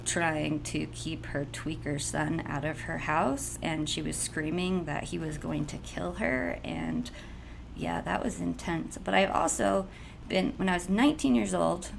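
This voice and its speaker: A woman telling a personal story in a casual, blunt, animated way. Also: low voice, measured pace, vocal fry, a little hiss or hum, rough recording.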